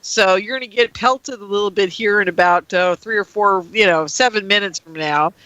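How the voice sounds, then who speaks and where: A woman's voice: mid-range voice, normal speed, fairly bright tone, dry recording, poor audio. A woman hosting a talk radio show in a chatty manner, laughing often with her guest. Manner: laughs easily, chatty, reads chat messages.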